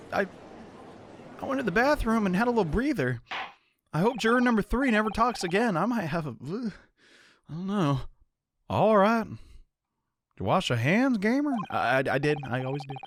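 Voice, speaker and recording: A man doing let's-play commentary as a YouTuber, excitable and jokey with loud outbursts. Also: high-pitched, normal speed, long pauses. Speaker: gaming YouTuber. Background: faint game music.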